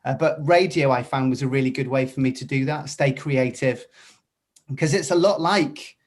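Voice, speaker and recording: An upbeat Welsh man chats freely as a podcast guest. His voice sits at an ordinary middle pitch, and he greets his hosts loudly and cheerfully before easing into relaxed stories. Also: normal speed. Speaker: podcast guest, singer and radio presenter. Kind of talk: casual interview chat.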